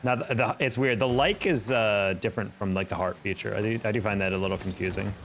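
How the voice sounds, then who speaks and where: A man's voice: fairly low pitch, fast, a bit bright, slight background noise. A young man live-streaming a game, chatting casually, reacting to plays and answering his chat. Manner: chatty, reacts to gameplay and reads chat aloud.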